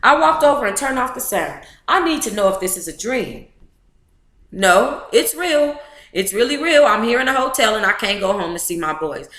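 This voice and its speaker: A woman's voice: medium pitch, very animated, moderate pace, a bit bright, reverberant. A woman reading a memoir aloud to a live book club chat, emotive and blunt, with profane asides.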